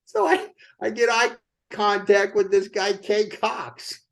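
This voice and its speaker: An older man with a high-pitched voice delivers a motivational sales talk. He tells it as a lively story and keeps asking his listeners rhetorical questions. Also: takes it slowly, creaky. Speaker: company co-founder speaking to sales team.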